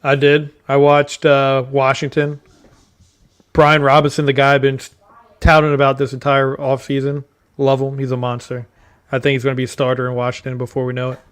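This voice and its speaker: Smooth-voiced easygoing podcast co-host. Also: male voice, mid-range voice, monotone, brisk. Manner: easygoing, self-deprecating. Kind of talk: casual sports chat.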